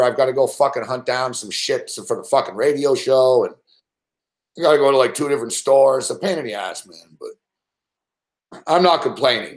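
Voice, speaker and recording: A man hosting a late-night sports betting show, ranting casually and swearing constantly as he rambles. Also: mid-range voice. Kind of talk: late-night live stream rant.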